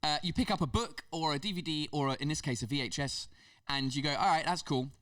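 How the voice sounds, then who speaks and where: A man with an English accent, a comedian guest telling stories in a casual podcast chat, animated and full of restarts. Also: a little high, fast, no echo, far from the mic. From England. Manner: animated storytelling with many restarts.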